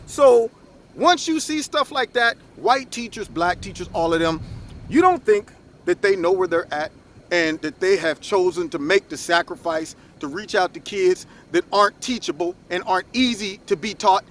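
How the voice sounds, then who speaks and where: A middle-aged man, a former school principal, giving impassioned opinion commentary and telling animated stories. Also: sits high, normal speed, slight background noise. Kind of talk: opinion commentary with acted anecdotes.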